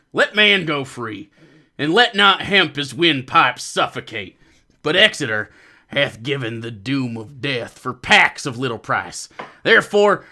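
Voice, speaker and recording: A man giving voice to a swaggering, boastful soldier who pleads grandly for a friend's life. The voice is bright and lively, and the lines come slow and drawn out in a live-streamed stage reading. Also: a little high, voice pushed down, full character voice.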